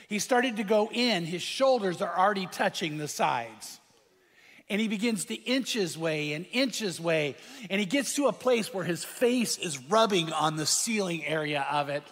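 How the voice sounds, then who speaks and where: A man delivers a sermon in a fairly high voice and tells a tense story in vivid detail. He repeats phrases to build suspense. His voice rings out with the long reverb of a big hall. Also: fairly bright tone. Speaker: pastor.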